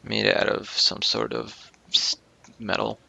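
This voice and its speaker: A man's voice: on the low side, little pitch movement, slow, gravelly, sharp tone, no echo. A man narrating a tabletop game as game master, hesitant with many ums and restarts.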